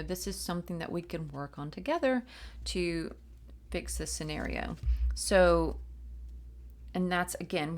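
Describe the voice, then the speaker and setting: A woman doing a spiritual reading, talking to her viewers in a chatty, rambling, encouraging way with a self-mocking streak. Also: on the low side. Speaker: spiritual reader, channel. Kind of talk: casual spiritual pep talk to camera.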